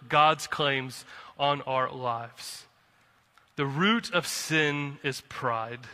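A man preaching a sermon as pastor from the pulpit, impassioned, swinging from quiet to fired-up. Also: fairly high pitch. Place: church sanctuary. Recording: long reverb of a hall.

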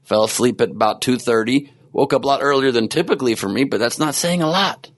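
A man's voice: medium pitch, fast. A man hosting a podcast in casual, rambling chat, joking at his own expense and sleep-deprived. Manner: rambling, self-mocking, jokey asides. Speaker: podcast host.

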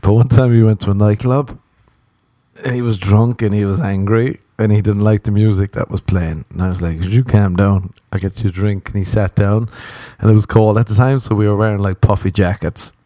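Telling a rambling tale in relaxed conversation, the comedian swears liberally and laughs at his own story. His tone is warm and laid-back, pitched a little low, and his delivery runs a little fast. Captured close and dry, the sound has no echo.

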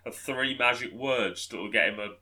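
Guy on a podcast, sardonic and sweary, bright tense voice. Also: mid-range voice, moderate pace. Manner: sardonic, profane riffs. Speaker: podcast co-host. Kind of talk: casual political chat.

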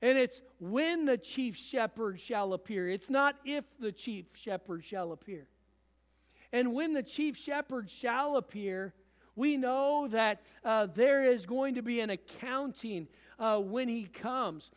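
A man's voice: very high voice, animated, takes it slowly, big-room sound. A man preaching a sermon as pastor, repeating phrases and restarting often. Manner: preaching with repetition and frequent restarts. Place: church.

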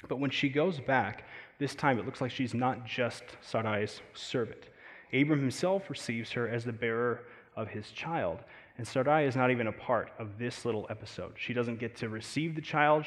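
A man with an American accent preaching a sermon, talking in a conversational, animated way with frequent fillers and asides. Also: medium pitch, moderate pace, in a large hall. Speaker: pastor.

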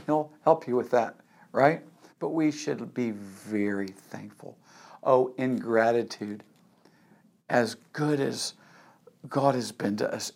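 A man's voice: medium pitch, vocal fry, a little mellow. Emphatic male preacher delivering a sermon. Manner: emphatic, repetitive, asks rhetorical "yes?". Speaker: pastor.

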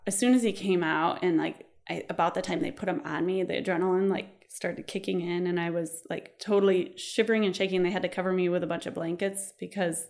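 Woman, thirties, casual storyteller, animated delivery with laughs and quick voiced-out quotes. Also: on the low side, gravelly. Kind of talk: personal birth story, casual telling.

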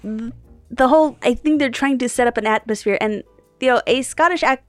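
A woman co-hosting a podcast in casual chat, thinking aloud in a halting way and often rephrasing herself. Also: a little high, dry recording, faint music behind. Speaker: podcast co-host.

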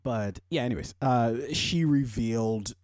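A man hosting a podcast in casual solo commentary. He rambles and swears, uses a lot of fillers, and his pitch jumps high when he gets worked up. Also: measured pace, a little mellow, no room sound, clean studio sound. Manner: rambling, profane, heavy on fillers. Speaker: podcast host.

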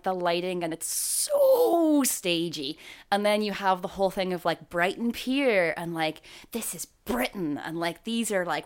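This is an Irish woman co-hosting a podcast in loose, animated chat. She fills her talk with likes and ums and laughs often. Her voice is smooth and clear, pitched in the middle for a woman. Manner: animated, chatty, full of fillers; laughs often while talking. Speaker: podcast co-host. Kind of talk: casual chat.

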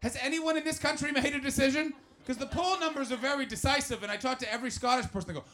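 A stand-up comedian working the room live, a man with a high voice. His tone is bright and cutting, and he jumps from loud bursts to low asides. He swears constantly as he teases the crowd. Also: fast talker, few pauses. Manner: animated, swearing, jumps between shouting and muttering. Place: live comedy venue with audience.

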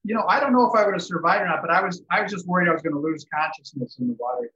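A man's voice: high-pitched, rapid-fire, a crowd in the background. A man reflectively recounting a near-death experience in an interview, rambling a little. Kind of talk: casual storytelling. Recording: dull lo-fi recording.

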